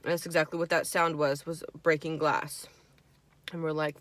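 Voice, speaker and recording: A woman's voice: low-pitched, moderate pace, no echo. Chatty profane young woman vlogger. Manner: chatty, profane, animated storyteller acting out friends' lines. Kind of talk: casual storytime while eating.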